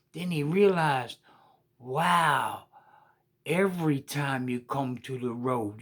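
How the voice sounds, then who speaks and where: A woman telling a children's story in a folksy, colloquial way and speaking straight to the young listeners. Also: deep voice.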